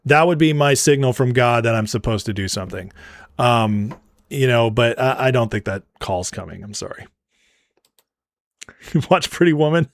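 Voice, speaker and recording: A man's voice: mid-range voice, dry recording. A man hosting a casual livestream, reading viewer super chats aloud and often breaking into laughter. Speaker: livestream host.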